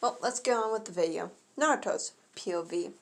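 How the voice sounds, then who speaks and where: A woman's voice: medium pitch, brisk, noisy background. A woman casually reading her own first-person fan story aloud. She often stumbles and corrects herself mid-sentence.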